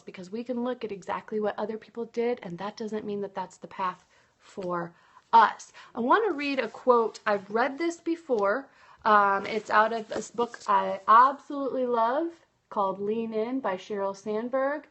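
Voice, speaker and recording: A woman's voice: medium pitch, a bit bright. A woman business coach giving a chatty, upbeat motivational talk on a livestream and talking straight to her viewers. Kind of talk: live-streamed motivational talk.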